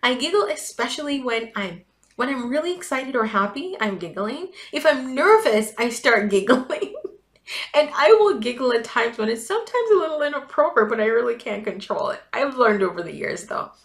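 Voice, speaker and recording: A woman's voice: on the high side, sing-song, a little fast. A chatty, giggly woman from Jamaica with a light Jamaican accent blended with Canadian, talking casually in a personal vlog. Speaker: vlogger, event business coach. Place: at home.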